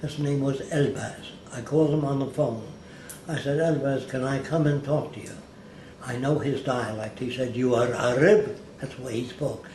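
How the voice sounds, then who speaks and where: An interview guest with a mid-range voice and normal speed shares anecdotes, animatedly performing the people he quotes. Faint hiss and room echo color the recording.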